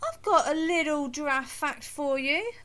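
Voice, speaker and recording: A woman co-hosting a podcast in casual chat, teasing and quick to prompt her friend. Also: sits high, fairly bright tone. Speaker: podcast co-host.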